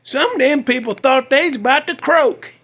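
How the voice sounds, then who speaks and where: A man's voice: very high voice, normal speed, a bit bright. A male podcast host telling a story in a casual, folksy, rambling way, cussing freely.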